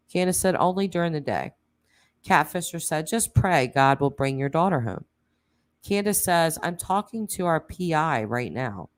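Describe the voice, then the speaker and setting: A woman hosting a true crime channel, reading text messages aloud in a plain way, with pauses and casual asides. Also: deep voice.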